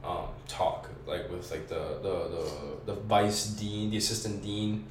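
Young guy, lowish voice, loose profane storyteller, mic set back in an echoey room. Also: unhurried, heavy background noise. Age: young adult. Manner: slangy, profane, animated retelling. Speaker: podcast guest. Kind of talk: casual storytelling. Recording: roomy echo, distant mic, faint background.

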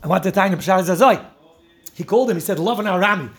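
A man with a high, gravelly voice gives an animated Torah talk. He tells each story with energy and often laughs as he goes. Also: quick pace, faint music behind. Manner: animated storytelling, laughing often, mixing Yiddish and Hebrew terms. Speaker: Torah teacher.

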